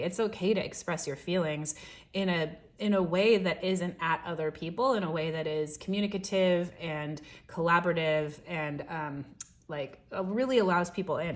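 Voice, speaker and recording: A woman giving a casual, encouraging daily tarot reading, chatty and gentle, often checking in with "right?". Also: lowish voice. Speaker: tarot reader.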